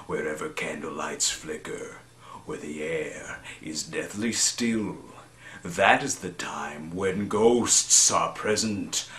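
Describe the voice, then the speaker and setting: A man voicing a sinister, mocking male ghost host in slow, low, hushed tones. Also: echoey room, exaggerated voice.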